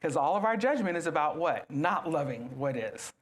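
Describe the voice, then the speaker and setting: A woman giving a lively talk to a live audience, asking them questions and acting out little scenes. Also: deep voice, moderate pace. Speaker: guest speaker.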